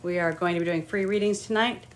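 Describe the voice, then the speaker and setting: A middle-aged woman with a voice on the low side reads tarot cards on a live stream, talking fast in a steady tone. She chats casually, greets viewers by name and mutters asides to herself.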